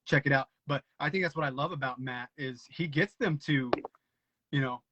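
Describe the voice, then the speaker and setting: A man's voice: mid-range voice, moderate pace, background noise. A man hosting a casual podcast chat, eager and full of stammered restarts. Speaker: podcast host. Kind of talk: casual conversation. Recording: dry, dull lo-fi audio.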